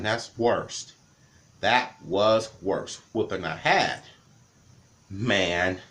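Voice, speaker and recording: A man in his thirties tells childhood stories in a loose, casual way, circling back and restarting his sentences as he goes. His voice sits at an ordinary, middle pitch. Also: fairly bright tone. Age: 30s. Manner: rambling, repetitive, with many restarts. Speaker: vlogger. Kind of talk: casual storytelling.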